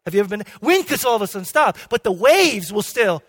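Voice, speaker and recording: A male pastor preaching a sermon with emphatic swings between loud and hushed delivery, and frequent restarts. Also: sits high, big pitch swings, quick pace. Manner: frequent restarts and "okay?" checks. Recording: long hall reverb.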